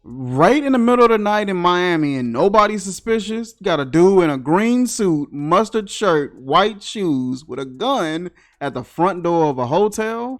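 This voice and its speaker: A movie reviewer giving comedic commentary in slangy casual talk, mocking each scene with incredulous questions. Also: medium pitch.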